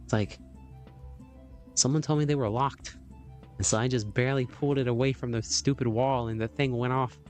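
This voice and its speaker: A man's voice: medium pitch, fairly even intonation, moderate pace, long pauses, darkish tone, faint music behind. A man hosting a livestream, chatting casually, rambling with lots of fillers and laughs. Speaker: livestream host.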